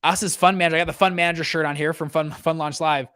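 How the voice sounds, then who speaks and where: With a clean studio sound and no echo, this young man's voice is on the high side, fast, clear and resonant. As a fund manager and show host, he runs a casual economics-and-investing livestream energetically, peppering it with fillers, "okay" and "right," and frequently starting sentences over.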